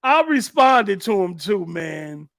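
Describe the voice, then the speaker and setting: A man's voice: high voice, very animated, slow, creaky, fairly bright tone, no room sound. A man hosting a casual gaming livestream, talking loosely and with plenty of profanity while he sets up clips. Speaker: livestream host.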